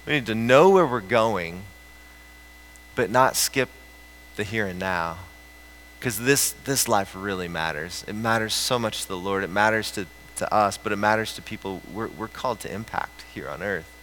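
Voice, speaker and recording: Bright-voiced man preaching casually. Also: lowish voice, normal speed, slight background noise, low-quality recording. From central United States. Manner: animated storytelling with frequent restarts and laughs. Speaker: pastor. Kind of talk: conversational sermon.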